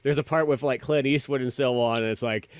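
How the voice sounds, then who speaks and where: A man's voice: medium pitch, steady tone, a little fast, smooth, no room sound. A man co-hosting a film review podcast, chatting casually and rambling with many fillers. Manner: rambling, full of filler words and quoted asides. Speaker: podcast co-host.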